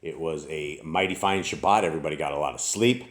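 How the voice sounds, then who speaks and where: A man's voice: very deep voice, fast. A man hosting a family scripture channel, joking casually and then preaching emphatically. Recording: echoey room.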